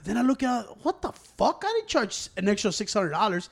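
A man with a high voice tells a story in loose, profane casual chat. He acts out his own quotes and what others said as he goes. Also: very animated, brisk, vocal fry.

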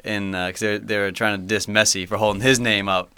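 A man's voice: fairly low pitch, level tone, fairly quick, sharp tone, smooth, no room sound. A man co-hosting a casual soccer podcast, bantering and laughing with friends. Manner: banter-heavy, laughs often. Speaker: podcast co-host. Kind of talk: casual chat.

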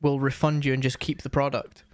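A man's voice: medium pitch, level tone, a little fast, dry recording. Rambling young man, dry mic. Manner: rambling, frequent fillers and restarts. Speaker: streamer and co-host. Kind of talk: casual chat.

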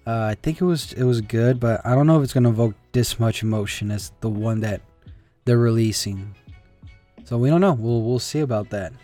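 A man's voice: medium pitch, brisk, warm tone. Casual male host, loose and rambling, swears, faint music underneath. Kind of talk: casual solo chat.

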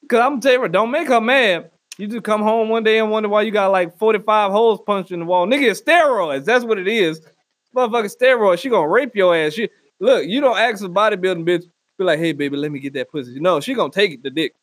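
Profane high-voiced man ranting. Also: dry recording. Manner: loud profane rambling, slips into mock voices. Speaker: comedy podcast host. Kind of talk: crude comedic rant. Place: Northwest Arkansas.

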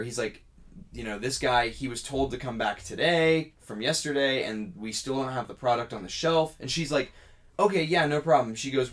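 A man co-hosting a podcast, casually telling a long story and acting out the other people's lines. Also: mid-range voice. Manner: animated storyteller acting out dialogue. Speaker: podcast co-host.

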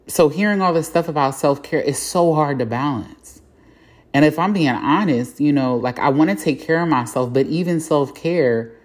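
A woman with a strikingly low, dark, mellow voice, hosting her own podcast alone. She thinks out loud in a candid, reflective way, swearing casually and filling pauses with ums and likes. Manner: frank, reflective, with casual swearing and many fillers. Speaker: podcast host. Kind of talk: candid solo podcast monologue.

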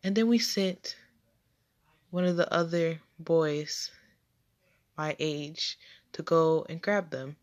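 Young woman telling a story slow and low, restarting lines as she goes. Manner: halting retelling with repeats and restarts. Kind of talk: personal storytelling.

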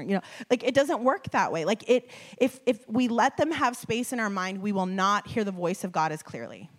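A woman preacher giving a sermon to a live audience, telling a personal story in a conversational, animated way with frequent laughs and fillers. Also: on the high side, brisk, few pauses. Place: before a live audience with slides.

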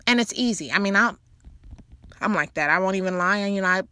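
A mother gives a casual faith talk about trust, telling a rambling personal story packed with "you know" asides while her voice jumps with animation. Her pitch sits in the middle, she talks fast, and there's no echo.

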